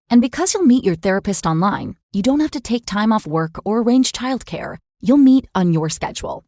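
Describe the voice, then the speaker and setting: A woman reading a scripted sponsor ad in a gentle, reassuring manner. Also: a little high, no echo, studio quality. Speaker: ad reader.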